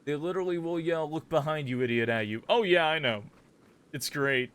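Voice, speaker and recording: A man's voice: a little high, brisk, fairly bright tone, a little hiss or hum. A young man casually commenting and joking while playing a game, exclaiming and humming as he goes.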